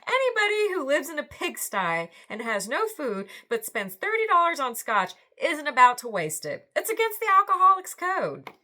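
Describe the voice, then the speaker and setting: A woman voicing a brash, scruffy drunk ex-boyfriend who talks loud and mocking. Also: high-pitched, wildly swooping pitch, moderate pace, few pauses, voice pushed up, heavily acted. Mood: cocky.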